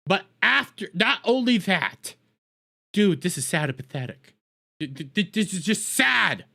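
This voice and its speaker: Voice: mid-range voice, sing-song, measured pace, vocal fry, pushed and bright. A streamer giving casual reaction commentary in crude, profane, mocking rants.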